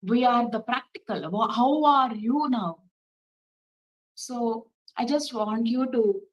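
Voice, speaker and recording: A woman giving a spiritual talk as a meditation teacher, asking gentle rhetorical questions and guiding a short meditation. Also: a little high, slow, rough recording.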